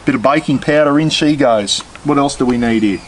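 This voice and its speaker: On a rough recording with a little background noise, an Australian cooking channel host chats directly to viewers while cooking outside. His mid-range voice moves along fairly quickly.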